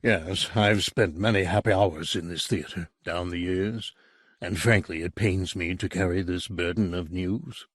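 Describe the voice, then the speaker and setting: A man voicing a persuasive, cultured older gentleman who speaks in a measured, grave way. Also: low voice, fairly even intonation, husky, no room sound, studio quality.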